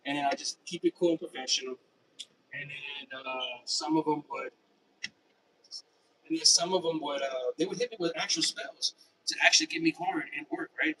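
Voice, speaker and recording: A man's voice: fairly high pitch, bright, forceful tone. Man rambling a story, far from the mic. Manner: rambling, repetitive, many restarts. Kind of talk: casual personal monologue. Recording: distant mic with faint background noise.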